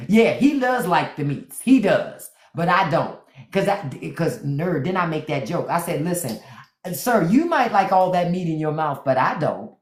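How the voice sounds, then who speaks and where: A woman with a lowish, sing-song voice speaks slowly, recorded on a phone in an echoey room during a live stream. As the host, she chats casually and candidly, laughing and swearing freely.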